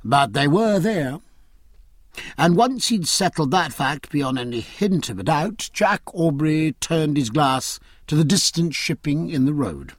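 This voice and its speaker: A man narrating a novel in an expressive, scripted reading. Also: on the high side, a little slow, no room sound, clean studio sound. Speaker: audiobook narrator.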